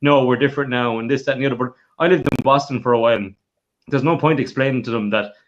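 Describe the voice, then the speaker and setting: Fast-talking Irish man, lo-fi sound. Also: medium pitch. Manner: rapid, animated storytelling with repetitions. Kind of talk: casual interview chat.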